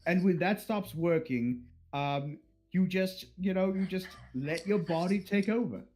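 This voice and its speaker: A man voicing a smug, unflappable male chef with a calm drawl. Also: high voice, measured pace.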